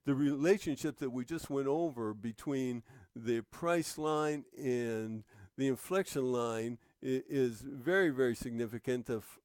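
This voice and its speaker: A man walks through a trading chart at a slow, deliberate pace, often pausing on "uh" and restarting his words. His voice sits at an ordinary middle pitch. The recording is dry and close, with no room sound around it. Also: a little mellow, no room sound. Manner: unhurried, explanatory, frequent "uh" fillers and restarts. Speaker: trading instructor. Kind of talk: screen-share tutorial narration.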